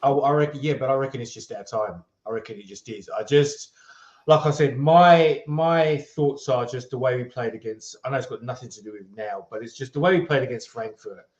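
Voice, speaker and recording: A man's voice: mid-range voice, fairly quick. A male football fan chatting as a guest who stops, restarts and fills gaps with ums while staying upbeat. His voice comes through an echoey room on dull, slightly muffled audio. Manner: hesitant, many fillers and restarts, upbeat. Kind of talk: casual football chat.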